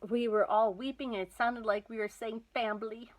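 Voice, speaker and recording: Expressive woman reading a novel aloud. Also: a little high, brisk, rough recording. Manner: lively, expressive storytelling. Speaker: storybook reader.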